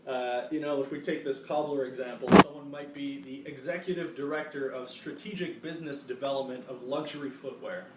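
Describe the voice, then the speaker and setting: A man's voice: mid-range voice, fairly even intonation, fairly quick, few pauses. A young man leading a small study group, talking loosely and casually with many fillers and restarts. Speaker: discussion leader presenting to a study group. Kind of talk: casual classroom presentation. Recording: echoey room, distant mic, background noise.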